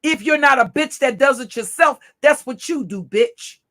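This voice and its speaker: A woman's voice: high-pitched, animated, normal speed, fairly bright tone. A woman hosting a livestream, delivering a confrontational, profane, taunting rant at her chat. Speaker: livestream host. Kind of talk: ranting livestream monologue.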